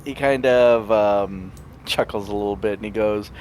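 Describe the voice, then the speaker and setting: A man's voice: lowish voice, moderate pace, darkish tone, slight background noise. A man playing a tabletop game, describing his character with many hesitant restarts. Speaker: tabletop player.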